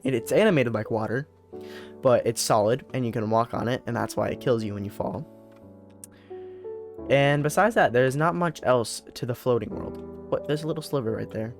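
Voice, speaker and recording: A man's voice: medium pitch, moderate pace, over music. A young man narrating his gameplay casually, rambling and often correcting himself mid-sentence. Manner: rambling, self-correcting, repeats words. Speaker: let's play host.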